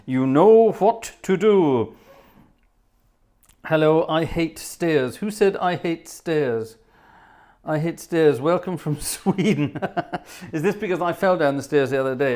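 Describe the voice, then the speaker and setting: A man's voice: a little high, a little mellow. A man hosting a live stream from his home organ studio, chatting cheerfully and reading out names from the chat. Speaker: livestream host and organist. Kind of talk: casual live-stream chat, greeting viewers.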